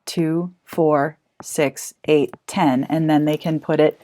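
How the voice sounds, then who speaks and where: A woman's voice: sits low, fairly even intonation, slow pace, hardly any pauses, warm tone. A woman teacher explaining a hands-on math activity to parents, chatty and encouraging as she thinks aloud.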